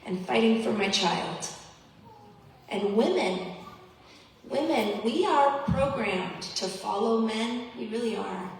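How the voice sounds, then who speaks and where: A woman's voice: medium pitch, creaky, a little hiss or hum. Woman giving an earnest keynote in an echoing hall. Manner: earnest, pleading, emphatic repetition. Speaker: keynote speaker. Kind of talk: impassioned personal testimony speech. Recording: echoey hall, voice from far off.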